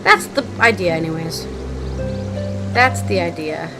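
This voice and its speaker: While streaming a game, a woman chats casually, laughing and swearing freely as she comments live. Her voice is on the low side, expressive and unhurried, with game music playing in the background.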